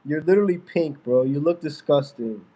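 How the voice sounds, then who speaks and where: A man's voice: a little high, moderate pace, warm tone. A young man on a casual livestream with a stuffy nose from a fever, mocking and trash-talking a viewer in his chat.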